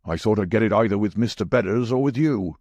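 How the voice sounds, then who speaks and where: A man's voice: lowish voice, animated, fast talker, a little mellow, no room sound, lo-fi sound. A man voicing a crafty, sinister old sailor who talks in coarse seaman's speech. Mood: sly.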